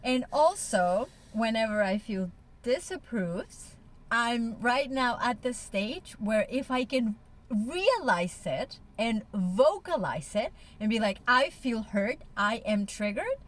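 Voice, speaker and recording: A woman's voice: on the high side, animated, slow. A woman in a candid couple conversation, talking frankly and emotionally, with blunt swearing. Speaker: co-host.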